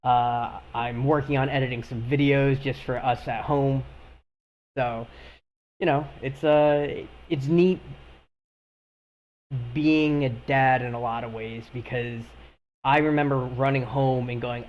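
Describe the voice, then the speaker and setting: A man talking casually as a podcast co-host, telling animated stories and laughing often. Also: mid-range voice, a little slow, dull audio, slight background noise. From Japan. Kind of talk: casual chat.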